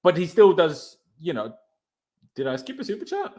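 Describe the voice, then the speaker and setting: A man's voice: high-pitched, big pitch swings, normal speed, a little mellow. A man hosting a football fan livestream, thinking aloud in a rambling, hesitant way. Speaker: fan channel host. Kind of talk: casual post-match livestream chat.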